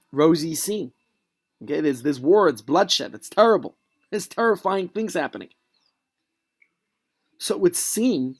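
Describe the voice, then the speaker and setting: Animated man teaching a Torah lesson. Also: fairly high pitch. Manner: animated storytelling with many restarts and asides. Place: at home.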